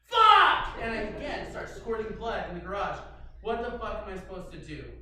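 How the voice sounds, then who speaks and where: A man telling a personal story to an audience in animated, dramatic fashion, with sudden loud outbursts. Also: high voice, fairly quick, a little hiss or hum. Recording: very echoey room, mic far off.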